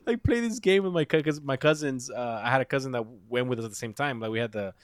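A man from Mexico telling a childhood story at a fast clip, animated and swearing freely. His voice sits at an ordinary pitch and has a dry, close sound, with no room around it. He drops into Spanish phrases now and then. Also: no room sound. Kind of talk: casual chat.

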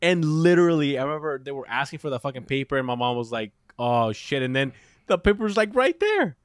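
A man telling a childhood story in casual chat, animated and swearing freely, dropping into Spanish phrases. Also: mid-range voice, quick pace, clean tone, dry recording, studio quality.

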